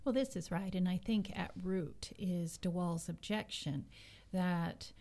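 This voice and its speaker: A woman co-hosting a casual academic discussion, explaining ideas in a measured way. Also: on the low side, vocal fry, dark tone.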